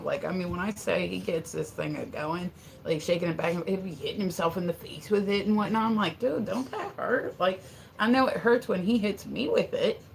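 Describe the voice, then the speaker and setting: A woman's voice: fairly low pitch, vocal fry, a little hiss or hum. A woman chatting casually on a live stream from her home studio, exasperated and scolding, swearing casually. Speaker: livestreamer.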